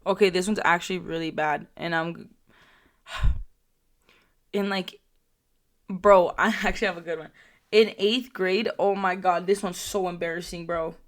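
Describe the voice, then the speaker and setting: A woman's voice: fairly low pitch, steady tone, measured pace, long pauses. Brash profane young woman vlogger. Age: young adult. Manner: brash, profane, loud bursts and put-on mocking quotes. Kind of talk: crude comedic storytelling.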